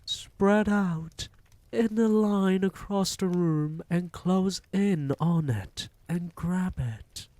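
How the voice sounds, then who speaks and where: A man's voice: on the high side, a little mellow, no echo, pitched above the performer's own voice. A man voicing a cruel female witch leader who shrieks orders, in a storybook reading. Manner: screeching commands.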